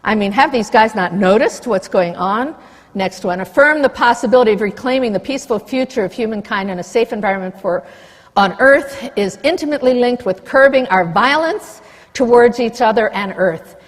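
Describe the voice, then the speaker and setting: A woman's voice: a little high, lively intonation, moderate pace. A woman giving a public talk, passionate and indignant, reading passages from papers between her own remarks. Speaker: speaker. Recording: reverberant hall.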